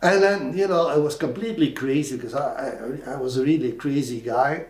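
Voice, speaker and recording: Older Flemish-accented male storyteller, animated and rambling, in a roomy reverberant room. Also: medium pitch, fairly quick. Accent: Flemish Belgian. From Belgium. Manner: animated, with frequent fillers and restarts. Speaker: interviewee. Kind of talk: anecdotal storytelling. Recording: roomy echo.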